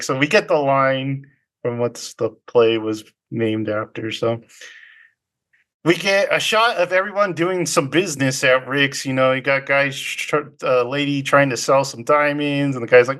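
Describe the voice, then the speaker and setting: A man's voice: mid-range voice, moderate pace, a bit bright. A man co-hosting a podcast, casually recapping a film in a loose, chatty way and laughing often. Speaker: podcast co-host.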